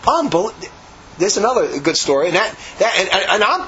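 A man in a religious order tells a long, meandering story, jumping in pitch whenever he gets worked up. His voice sits somewhat high for a man. The recording is dull and lo-fi, with a faint hiss underneath. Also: normal speed. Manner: animated, rambling, acts out quotes. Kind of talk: conversational storytelling.

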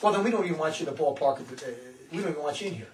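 A man's voice: fairly high pitch, animated, very fast, roomy sound, far from the mic, slight background noise, rough recording. A man who leads a religious community, preaching in a fervent, informal way. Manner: fervent, often acts out others' words. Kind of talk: impassioned informal sermon.

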